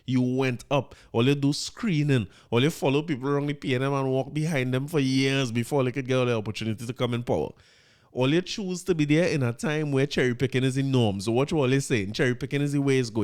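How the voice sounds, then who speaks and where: This podcast host is a man with a Trinidadian accent, speaking fast at a medium pitch with a darkish tone. He offers casual commentary in an incredulous tone, repeating words whenever he gets riled up.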